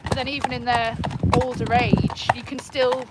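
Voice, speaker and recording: Female co-host, gentle and agreeable, casual chat over heavy background noise. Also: a little high, little pitch movement, moderate pace. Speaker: live stream co-host. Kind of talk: casual live-stream chat.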